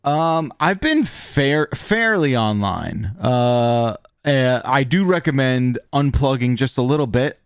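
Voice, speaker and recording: A man's voice: medium pitch, animated, takes it slowly, hardly any pauses, smooth, dry recording. A man on a casual talk show, answering questions with a dry, joking manner. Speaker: podcast co-host. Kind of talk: casual chat.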